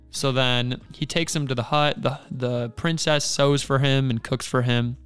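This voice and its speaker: A man's voice: medium pitch, little pitch movement, unhurried, few pauses, a bit bright, smooth, soft background music. A man co-hosting a podcast, retelling a folk tale in a laid-back, rambling casual way. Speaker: podcast co-host. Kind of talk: casual storytelling.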